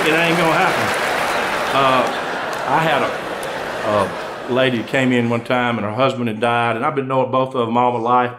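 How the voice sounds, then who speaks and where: A man's voice: a little high, fairly bright tone. A middle-aged man with a Southern US accent telling folksy jokes live on stage, a country undertaker acting out both sides of each dialogue. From Georgia, USA. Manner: folksy drawl, quick storytelling, acts out both spouses in dialogue. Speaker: comedian and undertaker. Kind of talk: live stand-up storytelling. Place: live stage before an audience.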